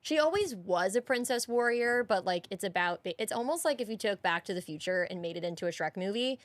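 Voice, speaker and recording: A woman's voice: mid-range voice, expressive, fairly quick, no room sound. A woman co-hosting a podcast in casual chat, eager and enthusiastic. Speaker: podcast co-host.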